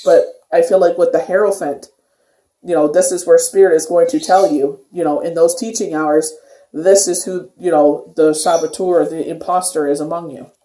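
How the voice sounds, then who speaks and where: A tarot reader talks through a casual daily card reading in a warm, mellow voice that keeps looping back with loose filler phrases. The sound carries a noticeable room echo around the voice. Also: medium pitch, fairly even intonation, moderate pace. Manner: rambling, filler-heavy talk with many "you know"s. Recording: echoey room.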